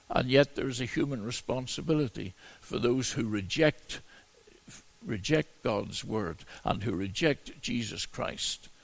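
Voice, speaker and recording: A man gives an expository sermon at an unhurried pace. His voice is deeply gravelly and husky. He stumbles and restarts often as he works through the verses. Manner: halting delivery with frequent repeated words and restarts. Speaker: preacher. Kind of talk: expository Bible teaching.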